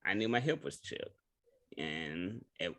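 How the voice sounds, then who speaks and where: A man's voice: low voice, takes it slowly. A man, co-hosting a podcast in casual chat, firing off eager questions and restarting his sentences. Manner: excited questions, stumbling restarts. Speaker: podcast co-host.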